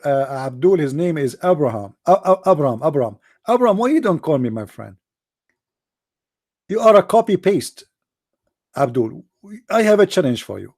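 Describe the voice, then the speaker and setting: A man's voice: fairly high pitch, mellow, dry recording. Sarcastic, taunting man streaming live. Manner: sarcastic, taunting, direct address to opponents. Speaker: religious debate streamer. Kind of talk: mocking live-stream polemic.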